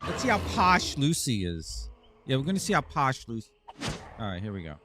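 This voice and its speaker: A man's voice: medium pitch, big pitch swings, fairly quick, sharp tone, slight background noise. Playful teasing male game streamer. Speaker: live-stream gamer host. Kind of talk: casual live-stream chat to viewers.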